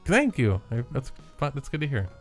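A man's voice: medium pitch, sing-song, moderate pace, faint music behind. A man in an improvised comedy bit, talking earnestly and patiently reasoning with his partner. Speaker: comedy sketch performer.

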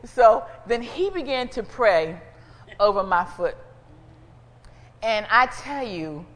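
Animated woman preacher in a reverberant church. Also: medium pitch. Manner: animated, conversational, calls out to the congregation. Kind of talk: sermon with personal testimony. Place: church sanctuary.

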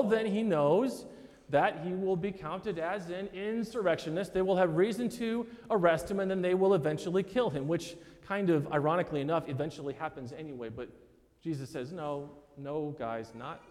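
A pastor with a high, slightly mellow voice preaches to his congregation at a moderate pace, keeping it loose and conversational and calling his listeners "guys." A long reverb carries his voice through the church sanctuary.

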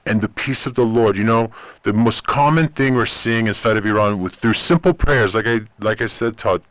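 A man's voice: fairly low pitch, moderate pace, no room sound. A man whose first language is Persian, telling stories as an interview guest and acting out the voices he quotes. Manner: animated storyteller, acts out quoted voices. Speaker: ministry guest. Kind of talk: interview storytelling.

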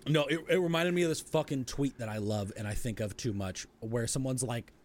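Man, rapid talker, podcast co-host, rambling, crude, casual chat. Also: medium pitch, darkish tone.

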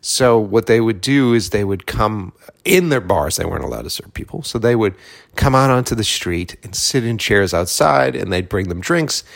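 Man from Boston, casual monologue host; lively pitch, swears freely, acts out both sides of conversations. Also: moderate pace, vocal fry. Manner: profane, animated storytelling with acted-out dialogue.

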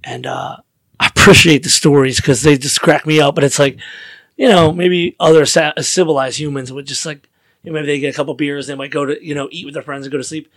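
A man's voice: on the high side, steady tone, fairly quick, fairly bright tone, no room sound. A man hosting a casual podcast chat, chuckling and prompting his guest with questions. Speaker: podcast host.

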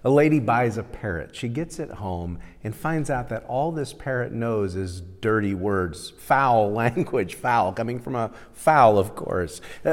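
A man's voice: mid-range voice, a little mellow. A male pastor preaching a sermon in a conversational, storytelling way, chuckling now and then at his own humor, in a church sanctuary. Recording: reverberant hall sound.

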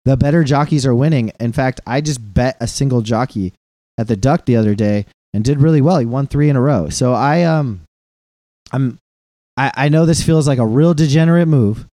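A man in his thirties co-hosting a podcast, talking casually in a rambling, profane, animated way. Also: medium pitch, moderate pace, no room sound, clean studio sound. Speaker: podcast co-host. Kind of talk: casual chat.

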